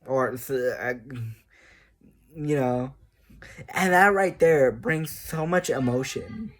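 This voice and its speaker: In a slow, mid-range voice, a video creator talks loosely about a video game. He wanders from point to point, laughs a lot, and makes jokes at his own expense.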